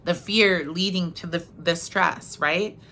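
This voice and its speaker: Brief: middle-aged woman, motivational speaker, unhurried, bright tone, earnest and chatty. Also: fairly low pitch, slight background noise. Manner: earnest, conversational, often asks "right?". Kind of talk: reflective spiritual talk.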